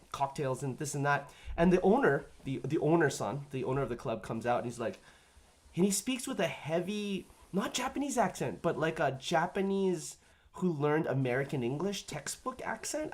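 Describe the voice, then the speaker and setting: A man with a Canadian accent hosting a live-stream chat, telling long stories full of fillers and restarts. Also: on the high side. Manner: rambling storyteller, many fillers and restarts. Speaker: stream host.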